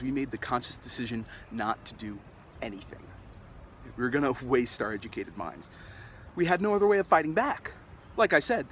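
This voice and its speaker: A man's voice: mid-range voice, fairly bright tone, rough recording. An actor playing an angry young male punk in a dramatic monologue, ranting in a profane, sardonic way. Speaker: actor performing a film monologue. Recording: outdoor traffic noise behind.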